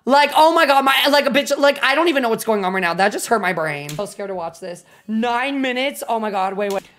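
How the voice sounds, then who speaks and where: A young adult woman streaming a reaction video, chatting casually, swearing constantly and bursting into loud laughter. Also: on the high side, expressive, fairly quick. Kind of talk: casual livestream reaction chat.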